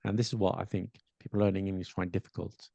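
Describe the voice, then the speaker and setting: Low gravelly man explaining by example. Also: level tone, fast talker, warm tone, no room sound, dull audio. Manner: thinks aloud with frequent restarts and fillers; explains by demonstrating examples aloud. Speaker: podcast co-host. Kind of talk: casual teaching chat.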